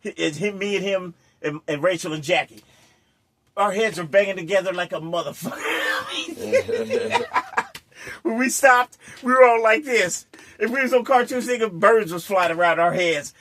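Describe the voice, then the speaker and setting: A high-pitched man tells a rowdy anecdote as host, cursing freely, breaking into laughter and acting out each moment. A faint hiss sits under his voice. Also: a little fast, a bit bright. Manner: crude, swearing storyteller who laughs often and acts out scenes. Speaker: host telling a story. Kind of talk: casual anecdote telling.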